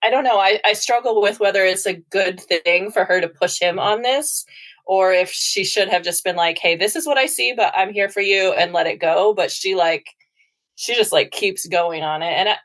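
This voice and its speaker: A woman with a slightly low voice, talking casually on a podcast. She works through her thoughts out loud, hesitating and restarting as she goes. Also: moderate pace. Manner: hesitant, thinks aloud with many restarts. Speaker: podcast co-host. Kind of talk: casual chat.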